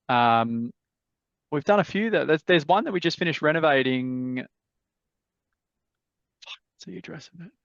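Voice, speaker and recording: A man's voice: on the high side, moderate pace, pauses often, fairly bright tone, clear, resonant tone, no room sound. An Australian man hosting a live property mentorship call, giving blunt, laid-back advice and swearing freely. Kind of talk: casual advice chat. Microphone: video call. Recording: dull, dry video-call audio.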